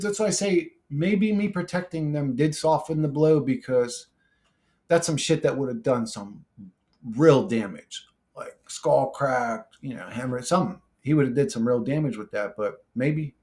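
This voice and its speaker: A man talks off the cuff to his viewers in a blunt, profane way. He wanders through his thoughts with frequent restarts and fillers. His voice sits at an ordinary middle pitch for a man. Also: a little mellow. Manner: blunt, swears freely, rambling with restarts. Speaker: YouTuber reading comment replies. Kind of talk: casual monologue.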